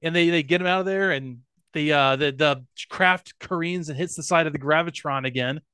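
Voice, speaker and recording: High-voiced man animatedly retelling a cartoon. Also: brisk, clear, resonant tone, no room sound, studio quality. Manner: animated storytelling, acts out quotes, laughs often. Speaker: podcast co-host. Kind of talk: casual chat recapping a cartoon episode.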